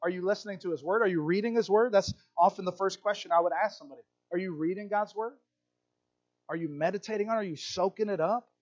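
A man's voice: sits high, fast talker, dull audio. A man preaching a sermon as a pastor, telling stories and acting out little voices. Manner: animated storytelling, acts out voices.

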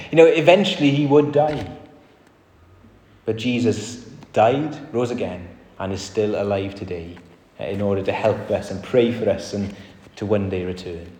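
A man with a lowish, mellow voice delivers an earnest sermon before a congregation in a church hall, posing rhetorical questions and acting out brief quotes, all captured with heavy hall echo.

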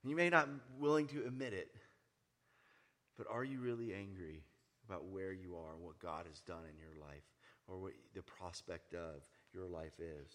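A man preaching a sermon, moving from hushed, quiet lines to loud, raised ones and asking his listeners many questions. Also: low-pitched, steady tone, normal speed. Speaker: pastor.

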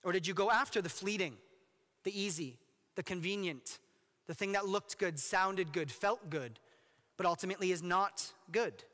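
A male pastor giving an animated, jokey sermon, often asking his listeners questions. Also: high-pitched, moderate pace, long reverb tail.

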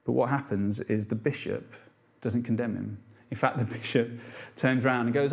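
A man's voice: on the low side, fairly even intonation, measured pace, creaky, a little mellow. Earnest man preaching a sermon. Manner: earnest, asks the congregation rhetorical questions; unpolished, with fillers and restarts.

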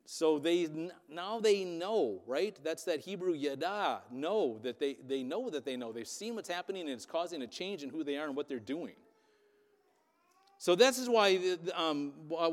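A man preaching a sermon, retelling scripture as lively storytelling with sarcastic asides. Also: on the high side. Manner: animated storytelling, voicing quotes with sarcasm. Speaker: pastor. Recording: long hall reverb.

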